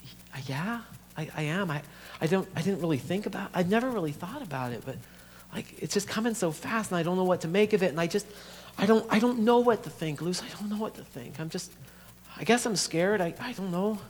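A man's voice: a little high, lively intonation, close to an everyday voice. A man playing a frightened, stammering young man. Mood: anxious. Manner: halting, stammering, quiet. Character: frightened young man facing serious illness. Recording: echoey hall, faint hum.

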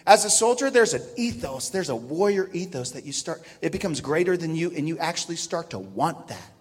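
A man preaching a sermon to his congregation, at times breaking into a loud shouted drill cadence. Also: a little high, very animated, fairly quick, slightly rough, in a large hall. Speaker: pastor. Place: church sanctuary.

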